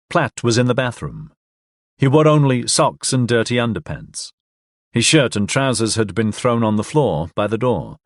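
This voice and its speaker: A man narrating a thriller audiobook in a dramatic, expressive reading style. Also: medium pitch, no echo, studio quality.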